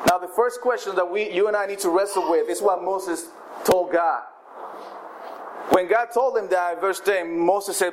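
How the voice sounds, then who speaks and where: A man's voice: sits high, normal speed, background noise. A man preaching a sermon, retelling scripture in a conversational everyday voice with frequent restarts.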